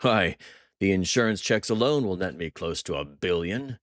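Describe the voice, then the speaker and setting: A man voicing a jovial, cruel male French crime boss who talks with theatrical mock warmth. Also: low-pitched, animated, normal speed, no echo, studio quality. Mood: gloating. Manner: mock-warm, theatrical, gloating.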